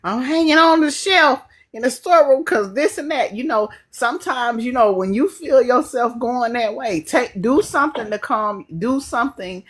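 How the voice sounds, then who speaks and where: A woman co-hosts a casual group chat. She talks in an animated, preachy way and often repeats herself. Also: fairly high pitch, moderate pace, hardly any pauses, breathy edge.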